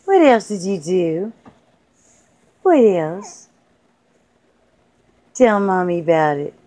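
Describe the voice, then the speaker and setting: A woman's voice: fairly low pitch, very animated, slow, dark tone, a little hiss or hum. A young woman filming her baby on a phone at home, talking in coaxing, playful baby talk. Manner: sing-song, coaxing and playful. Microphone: phone held over the baby.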